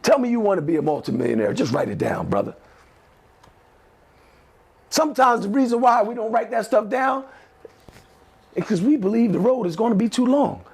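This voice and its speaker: The speaker's voice sits high, sing-song and gravelly, with a darkish, slightly rough tone, normal speed and frequent pauses. He is a motivational speaker giving teenagers in a class an emphatic, repetitive talk full of call-and-response affirmations.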